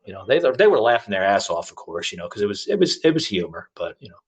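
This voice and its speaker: A middle-aged man hosting a podcast, chatting casually and telling a long rambling story with animated asides. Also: on the low side, fast talker. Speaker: podcast host. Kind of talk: casual chat.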